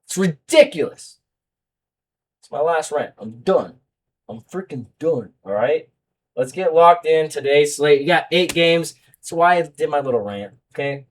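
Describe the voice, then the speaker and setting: A man's voice: fairly high pitch, animated, recorded from a distance. A young man hosting a sports betting podcast, ranting heatedly about baseball fans and then running through his picks. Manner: heated, fast-swinging rant, loud then muttering.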